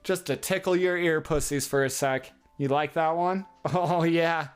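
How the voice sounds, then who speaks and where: A man's voice: on the high side, steady tone, measured pace, smooth, soft background music. A man hosting a podcast alone, rambling casually with heavy swearing and frequent chuckles. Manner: rambling, heavily profane, chuckles often. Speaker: podcast host. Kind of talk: casual solo podcast monologue.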